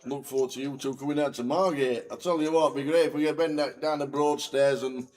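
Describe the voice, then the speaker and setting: A man's voice: mid-range voice, steady tone, fast, a little mellow. A man commentating on a live poker event in a chatty, amused, often laughing manner. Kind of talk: casual live commentary banter.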